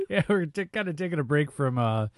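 A man hosting a casual movie chat podcast, jokey and quick to laugh, reading out a film summary in a drawn-out way. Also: fairly high pitch, big pitch swings, dry recording, clean studio sound. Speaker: podcast host. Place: small studio. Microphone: new studio microphone.

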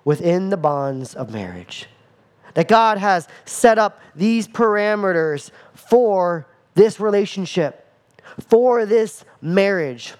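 A man preaching a sermon as pastor, animated, acting out scenes with playful asides. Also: high-pitched.

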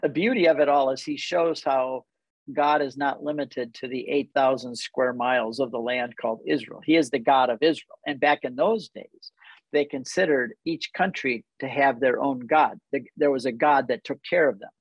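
An older man explaining Bible stories in casual conversation, animated and full of rhetorical questions. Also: medium pitch, normal speed, slightly rough, dry recording, lo-fi sound. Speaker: guest.

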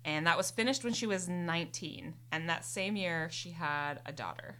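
A woman's voice: lowish voice, moderate pace, pushed and bright, a little hiss or hum. A young woman hosting a podcast, casually recounting a life story with lots of "um" and "like". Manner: rambling, many fillers and "like". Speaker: podcast host. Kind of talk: casual chat, recounting a biography.

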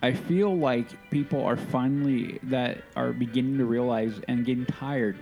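A man's voice: mid-range voice, normal speed, darkish tone, faint music behind. A man co-hosting a casual podcast, speaking passionately and emphatically, often repeating his points. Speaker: podcast co-host. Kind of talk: casual chat.

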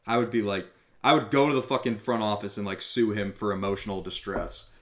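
A man hosting a casual sports podcast, talking in a slangy, excitable way. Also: lowish voice, fairly quick. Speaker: podcast host.

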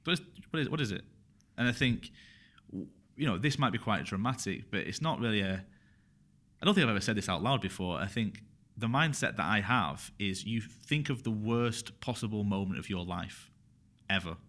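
A man with a low, deep voice talks openly in a casual podcast conversation. He is frank and emotional and tends to repeat phrases as he thinks aloud. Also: lively intonation, normal speed, a bit bright.

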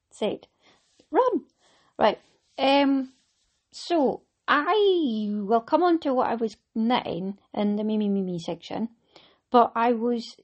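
Scottish lady rambling about knitting, husky, laughs a lot. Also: medium pitch, a little mellow. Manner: chatty, rambling, laughs often. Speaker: knitting podcast host. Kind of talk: casual chat.

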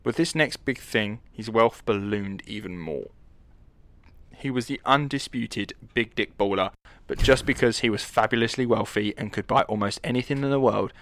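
A man's voice: fairly low pitch, normal speed, fairly bright tone, no echo. A man hosting a casual, joking history podcast, rambling and swearing freely as he tells the story.

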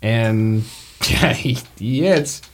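A man's voice: mid-range voice, drawn-out words, slight background noise. A man narrating a tabletop game as game master, joking and full of fillers.

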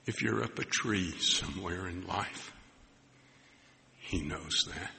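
A man preaching a sermon, telling a personal story, acting out the dialogue and dropping to soft near-whispers at tender moments. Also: low-pitched, slow pace, vocal fry. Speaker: pastor. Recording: long hall reverb with faint background noise.

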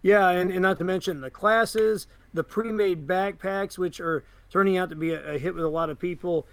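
Podcast co-host, male, high voice, loose and rambling, dry studio sound. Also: fairly even intonation, normal speed, dry recording. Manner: rambling, many fillers and restarts. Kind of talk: casual chat reviewing a game book.

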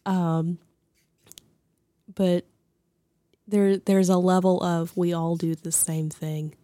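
A woman's voice: lowish voice, flat delivery, slow, mellow, no room sound. A young adult woman co-hosting a podcast in casual chat, laughing often and restarting sentences as she talks. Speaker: podcast co-host.

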